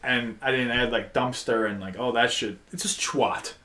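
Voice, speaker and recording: A young man co-hosting a podcast, joking crudely and trying out loud silly voices. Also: mid-range voice, normal speed. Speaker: podcast co-host. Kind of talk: casual chat.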